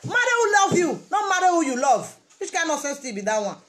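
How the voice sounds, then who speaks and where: A woman's voice: extremely high pitch, sing-song, a little fast, a bit bright. A woman with a Nigerian Pidgin English accent giving a casual motivational talk, repeating her phrases for emphasis. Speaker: vlogger.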